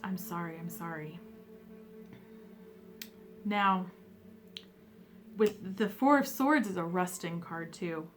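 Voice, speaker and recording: Emotional woman giving a slow tarot reading. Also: medium pitch. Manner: emotional, hesitant, many fillers, voices spirit messages softly. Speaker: tarot card reader. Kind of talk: pick-a-card tarot reading.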